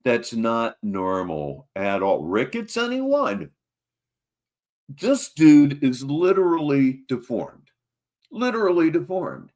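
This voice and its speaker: A man hosting a live stream and giving mocking, animated running commentary on clips. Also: mid-range voice, takes it slowly.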